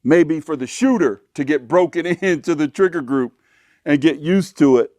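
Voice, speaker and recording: A man hosting a shooting vlog outdoors at a range, chatting folksy to viewers and getting excited at good shots. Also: fairly high pitch, moderate pace, no echo. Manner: excitable, hollers when shots land. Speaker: shooting channel host. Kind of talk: casual vlog talk to camera.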